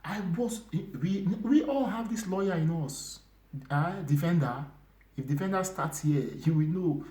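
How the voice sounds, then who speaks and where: A man tells his testimony in a mellow, warm voice. He pushes some phrases out loud, drops others to a breathy whisper and circles back over his own words. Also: on the high side, expressive, measured pace. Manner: emotional, swinging from loud emphasis to hushed whispers; repetitive, restarting phrases. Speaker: church brother giving testimony. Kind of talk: personal testimony.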